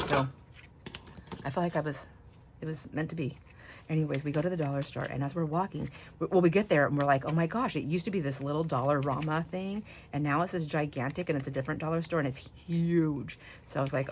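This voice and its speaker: Casting: middle-aged woman craft host, low-pitched, rambling storyteller who laughs a lot, faint hiss behind her. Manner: chatty storyteller, laughs often, breaks off mid-sentence. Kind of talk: casual chat while crafting.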